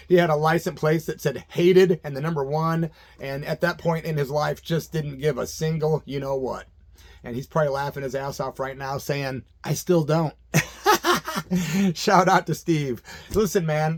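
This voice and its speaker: A man's voice: a little high, gravelly. Laid-back man telling a wild story. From Illinois, USA. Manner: laid-back, laughs often, acts out voices in quotes. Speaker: vlogger telling a personal story. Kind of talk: casual storytelling monologue.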